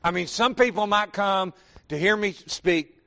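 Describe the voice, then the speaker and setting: High-voiced Southern preacher. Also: male voice, a little slow, bright, forceful tone. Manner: folksy, addresses congregation with questions and "y'all". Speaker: pastor. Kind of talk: sermon.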